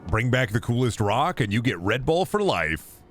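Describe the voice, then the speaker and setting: A young man casually commenting on his gameplay, joking and breaking into sudden high yelps and shouts. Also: big pitch swings, normal speed, soft background music. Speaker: gaming streamer.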